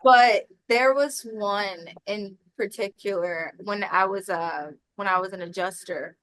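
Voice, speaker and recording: A woman's voice: medium pitch, measured pace, rough recording. A woman with a Texan accent, a podcast guest who tells a story casually and acts out the people in it. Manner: animated, acts out voices in her stories with laughs. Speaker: podcast guest, roofing business owner.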